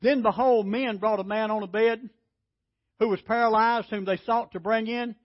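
A man's voice: fairly even intonation, moderate pace, no room sound. A man preaching a sermon as pastor, emphatic, acting out the lines of scripture figures with a rising voice. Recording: dry, dull low-fidelity sound.

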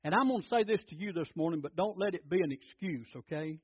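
A man's voice: fairly high pitch, animated, quick pace, slightly rough, dry recording, dull audio. A man preaching a sermon as pastor, telling folksy stories and often repeating his words.

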